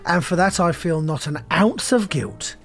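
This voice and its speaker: A man's voice: a little high, animated, measured pace, vocal fry, soft background music, full character voice. A man doing a blustering, arrogant detective. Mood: defiant. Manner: boastful, sneering, blustering. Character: arrogant greedy male private detective.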